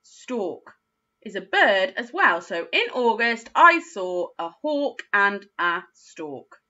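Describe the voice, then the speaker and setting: A primary school teacher, a woman with a medium-pitched voice, teaches young children phonics by sounding out every word letter by letter. She speaks slowly and patiently, her tone bright, lively and full of rising and falling movement. The audio sounds dull and lo-fi.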